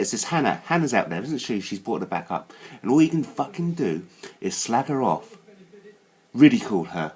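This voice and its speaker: A man in the middle of an angry vlog rant, swearing hard at his critics. His husky voice swings wildly, from low mutters to sharp, high outbursts. He sounds like a channel host talking straight into his camera.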